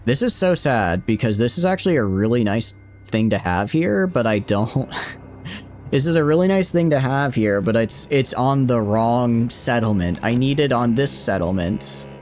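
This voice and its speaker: A man's voice: mid-range voice, lively intonation, moderate pace, a little mellow, soft background music. A young man with a Southeastern US Southern accent, a streamer chatting casually while playing a strategy game, rambling and correcting himself as he answers chat. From Southeastern United States.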